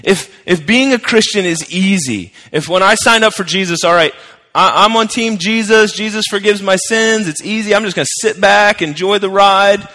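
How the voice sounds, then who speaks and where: Brief: male pastor with a fairly high voice, conversational and emphatic, repeats points for weight, recorded with long reverb in a large sanctuary. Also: normal speed, pushed and bright. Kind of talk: sermon.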